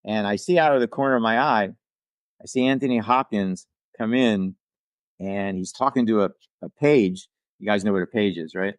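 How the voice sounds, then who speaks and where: Older male guest, low-pitched, dry close sound, rambling anecdotal delivery. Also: normal speed, no room sound. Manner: rambling storyteller with restarts and asides; acts out quoted people in livelier voices. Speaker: podcast guest, actor and writer. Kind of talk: casual anecdote-telling.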